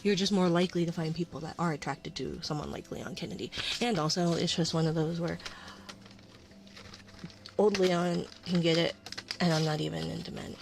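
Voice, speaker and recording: A woman streamer chatting casually in an ASMR stream, rambling and often dropping into a soft whisper. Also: on the low side, normal speed, gravelly. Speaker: VTuber streamer.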